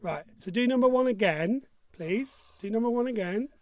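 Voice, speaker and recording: A man's voice: extremely high pitch, expressive, normal speed. A man hosting an online pub quiz, joking along and humming his own jingles. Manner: jokey and upbeat, hums his own jingles.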